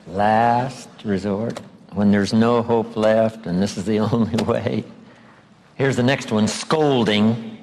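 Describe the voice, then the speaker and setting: A man giving a motivational seminar lecture, emphatic and drawing out key words slowly. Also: medium pitch. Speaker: seminar speaker. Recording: long hall reverb.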